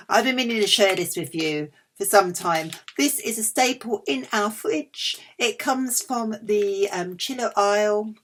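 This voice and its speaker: A woman's voice: medium pitch, a little hiss or hum. A middle-aged woman chatting casually through a food haul, cheeky and self-mocking. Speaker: vlogger.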